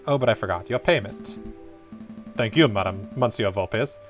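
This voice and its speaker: A man voicing a smooth, scheming male fox investigator in a game, in a low, formal, suave manner. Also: moderate pace, faint music behind, lightly acted. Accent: put-on Spanish accent.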